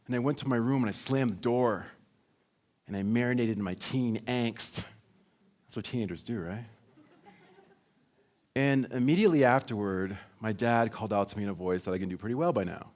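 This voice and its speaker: A man giving a motivational keynote, telling a personal story in a lively way and acting out quoted lines. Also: on the low side, fairly quick. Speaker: keynote speaker.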